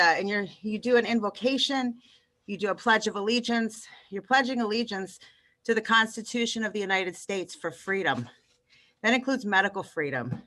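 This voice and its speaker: A woman's voice: mid-range voice, normal speed, a bit bright. A woman calling in to a public meeting, out of breath, urging a vote in an urgent, persuasive way. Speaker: caller. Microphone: call-in line.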